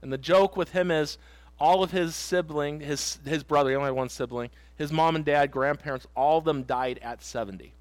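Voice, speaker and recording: A man's voice: fairly high pitch, moderate pace, no echo. A middle-aged man preaching a sermon in a church, earnest and emphatic, telling stories and repeating his points. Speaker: pastor. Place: church sanctuary.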